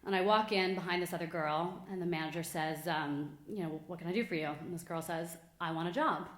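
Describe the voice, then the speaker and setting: A woman's voice: fairly low pitch, brisk, fairly bright tone, echoey room. A woman in her thirties from the United States telling a personal story on stage, self-deprecating and chatty. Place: stage before a live audience.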